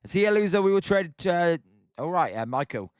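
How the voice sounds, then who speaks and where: A man's voice: high voice, sing-song, fairly quick, clean tone, no room sound, clean studio sound. A young British man hosting a live stream, calling play-by-play and chatting with viewers by name. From Britain. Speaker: live stream host calling a baseball game. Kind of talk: live play-by-play commentary while reading chat.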